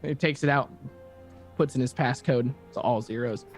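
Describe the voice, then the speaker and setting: A man's voice: medium pitch, normal speed, faint music behind. A man narrating as game master in an easygoing, casual way, with fillers along the way.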